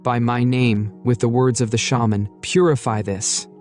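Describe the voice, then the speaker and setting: A man with a mid-range, slightly mellow voice reads the part of a stern old beastman leader. His intonation is fairly even and his pace moderate, close to an everyday voice, with faint music behind.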